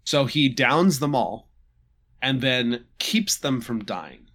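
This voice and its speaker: A man casually recapping a tabletop game session, halting and restarting with chuckles. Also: mid-range voice, lively intonation, fairly bright tone. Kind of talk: casual chat.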